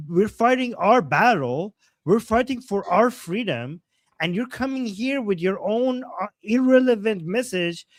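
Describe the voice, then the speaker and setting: A man co-hosts a political commentary and reacts in a blunt, indignant way. He speaks slowly and deliberately, with a fairly high voice. The sound is dry and close, with no room around it. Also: no echo. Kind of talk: casual commentary.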